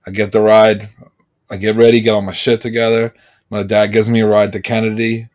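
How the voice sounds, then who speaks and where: A man's voice: on the low side, brisk. A man co-hosting a casual podcast chat, telling rambling stories and acting out what others said. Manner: rambling storyteller, animated when quoting others. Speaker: podcast co-host.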